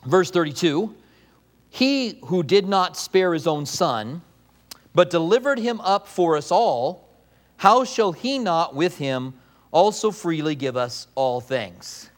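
A man preaching a sermon as a pastor, animated, acting out voices in quotes and repeating key lines for emphasis. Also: high-pitched.

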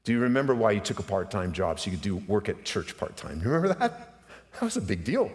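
A middle-aged man preaching a sermon to his congregation, passionate and direct, asking rhetorical questions and swinging between hushed and loud emphatic moments. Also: on the low side, very animated, fast talker. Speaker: pastor. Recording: long reverb of a large hall.

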